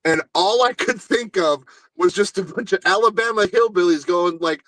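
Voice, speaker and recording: A man with a high, bright voice tells a joking story and laughs at his own gags. The sound is dry and close. He speaks casually on a group livestream. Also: moderate pace, no echo, low-quality recording. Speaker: show regular.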